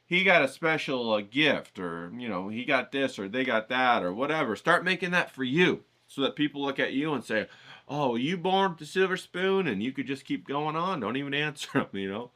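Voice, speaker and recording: Man, writing lesson host, swearing, emphatic, keeps checking in, animated pitch, sharp bright voice. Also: brisk, hardly any pauses. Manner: profane, emphatic, keeps asking "okay?". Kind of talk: casual lecture to camera.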